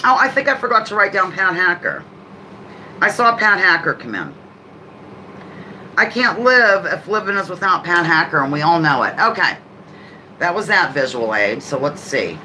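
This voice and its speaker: A woman hosting a live trivia game on a stream, chatting casually, greeting viewers by name and reading each question out slowly. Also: on the low side, sing-song, sharp tone, a little hiss or hum, rough recording. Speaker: livestream host.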